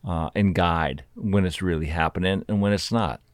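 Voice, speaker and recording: A man hosting a relaxed interview, asking questions and adding brief comments. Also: sits low, normal speed, dry recording, clean studio sound. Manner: asks questions, adds short reactions and laughs. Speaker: interview host. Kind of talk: interview chat.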